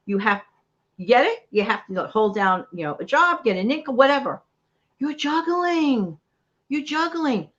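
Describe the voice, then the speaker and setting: Chatty New York woman, animated. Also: mid-range voice, fairly quick, muffled recording. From New York City. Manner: chatty, motivational, talks straight to viewers. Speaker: livestream host. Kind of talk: casual live chat.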